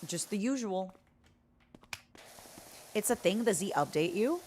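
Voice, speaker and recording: A woman's voice: medium pitch, measured pace, a little hiss or hum. A young woman streamer chatting casually with her viewers, rambling and giggly as she tells stories. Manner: rambling, giggly, excitable storytelling.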